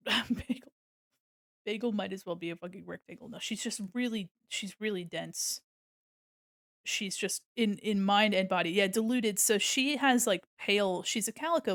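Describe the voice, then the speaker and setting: A woman's voice: medium pitch, a bit bright, no echo, studio quality. A young adult woman streaming casually while she draws, rambling and giggling often and swearing freely.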